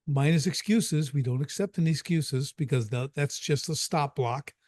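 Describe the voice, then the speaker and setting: A middle-aged man from the Chicago area talks as a business coach in a loose podcast chat, driving his points home by repeating them. His voice sits a little high for a man and comes across close and dry, with no room sound. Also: normal speed, a little mellow, no room sound. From Chicago area, USA. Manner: emphatic storyteller, repeats key phrases, says "right?" often. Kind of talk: casual podcast conversation.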